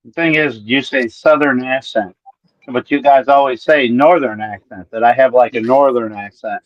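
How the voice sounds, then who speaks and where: A man's voice: mid-range voice, moderate pace, no echo. Northern man teasing the panel, lo-fi dry recording. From northern United States. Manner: teasing, needling. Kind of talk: casual podcast banter. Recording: dry, dull lo-fi sound.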